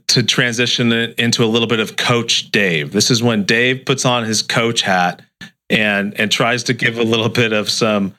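A man's voice: fairly low pitch, sharp tone. A man hosting a podcast interview, enthusiastic and casual, often repeating words. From United States. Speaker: podcast host.

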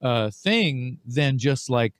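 A man's voice: medium pitch, animated, slow pace. A man co-hosting an interview, talking casually and with enthusiasm, swearing freely. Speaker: co-host.

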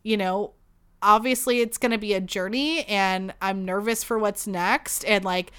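Smooth-voiced woman near tears. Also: medium pitch, a little slow, a bit bright. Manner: emotional, swearing, many fillers. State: holding back tears. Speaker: podcast host. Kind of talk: candid personal monologue.

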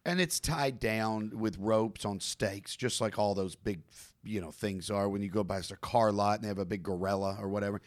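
A man's voice: on the low side, moderate pace. A man in casual conversation, telling a story about himself with self-mocking humor. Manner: self-mocking, laughs through his own stories.

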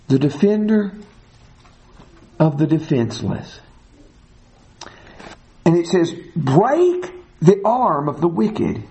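A man's voice: a little high, creaky, mellow, poor audio. A man teaching verse by verse through a psalm, stressing and repeating key phrases emphatically. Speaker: preacher.

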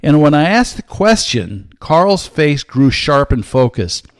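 A man in his sixties hosting a podcast as a Bible teacher, giving a measured, earnest solo talk with frequent hesitant fillers. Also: a little high, big pitch swings, dry recording, studio quality.

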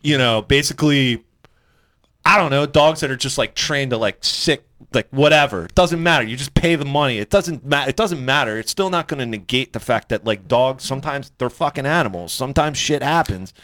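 A man telling a story in casual podcast chat, animated and profane, often jumping into high-pitched quoted voices. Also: a little fast, no echo.

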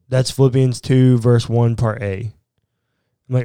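A man's voice: medium pitch, normal speed, warm tone, clear, resonant tone, dry recording, studio quality. A man co-hosting a casual chat about prayer and faith, joking and thinking aloud as he talks. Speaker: podcast co-host.

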